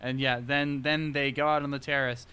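A man's voice: mid-range voice, little pitch movement, normal speed, bright, forceful tone, smooth, dry recording. A man co-hosting a movie podcast, rambling through his points with restarts. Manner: rambling, many fillers and restarts. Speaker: podcast co-host. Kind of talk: casual movie review chat.

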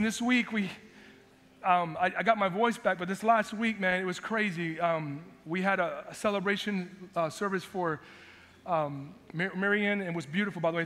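A man pastor preaching a sermon, passionate, swinging from shouted lines to quiet asides. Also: sits high. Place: church sanctuary. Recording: long echo of a church hall.

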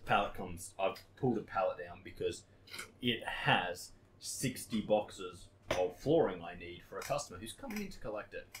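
A man with a fairly low voice tells rowdy workplace stories on a podcast, peppering them with swearing and quick voices for the people in them. A faint hiss sits under the recording. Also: animated. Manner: swears a lot, acts out his old workmates in quotes. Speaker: podcast co-host. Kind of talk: casual storytelling chat.

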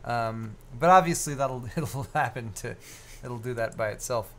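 A man's voice: medium pitch, normal speed. A man co-hosts a live tech show, rambling jokily through his points with plenty of ums and restarts. His voice sits in a middle range, and a faint noise hums underneath. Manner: rambling and jokey, with many fillers and restarts. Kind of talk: casual live-stream banter.

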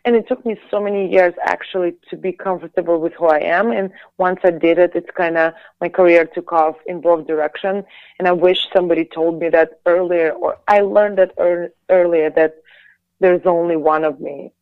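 A woman from Latvia, a singer and actress, talking casually as an interview guest in quick bursts full of restarts and fillers. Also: fairly low pitch, steady tone, clean tone, no echo. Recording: dull, dry lo-fi audio.

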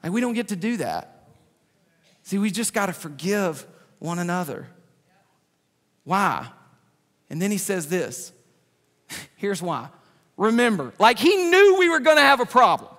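High, excitable preacher in a hall. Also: male voice, measured pace, long pauses. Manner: animated, jokey preaching with loud outbursts. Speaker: pastor. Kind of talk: sermon. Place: large church sanctuary. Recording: reverberant church hall.

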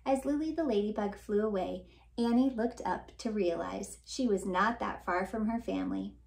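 A woman, a children's author and librarian, reading a storybook aloud in a warm, expressive storytelling voice. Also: medium pitch, normal speed, vocal fry.

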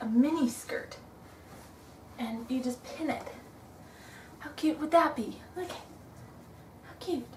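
A young woman vlogging an unboxing, gushing and excitable, with frequent gasps and soft whispers. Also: on the high side, a little hiss or hum, rough recording. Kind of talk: unboxing vlog.

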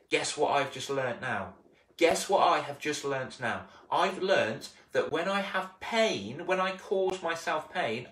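A man coaching casually on a live stream, animated, acting out little scenes and repeating himself. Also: medium pitch, measured pace. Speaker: confidence coach. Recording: roomy, distant mic.

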